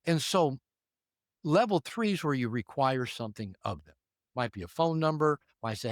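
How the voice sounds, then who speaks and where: A man's voice: on the high side, normal speed, no echo. Older man, therapist, chatty interview advice, acts out dialogues, dry close sound. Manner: animated, acts out little dialogues with changing voices. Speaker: relationship therapist and guest.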